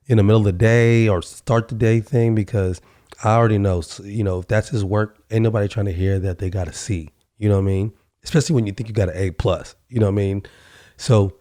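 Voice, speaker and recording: A man's voice: deep voice, dark tone, no echo, studio quality. A man hosting a podcast, telling a workplace story in a casual, conversational monologue, acting out both sides of the dialogue and often saying "you know". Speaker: podcast host.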